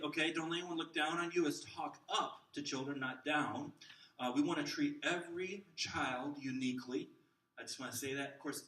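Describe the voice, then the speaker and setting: Man, middle-aged, workshop teacher, bright tone, roomy hall echo, faint room hum. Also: medium pitch. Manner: lively, joking, acts out examples in different voices. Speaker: children's ministry trainer. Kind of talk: teaching a workshop to a live group. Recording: roomy hall sound from a distant mic.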